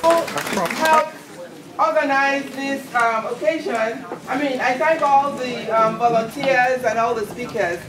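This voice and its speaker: A woman emceeing an event, speaking formally, thanking organizers with "um" pauses. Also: high voice, fairly even intonation, crowd noise. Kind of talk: thanking organizers and running a raffle. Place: large indoor conference hall. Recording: echoey hall from far off, clear noise.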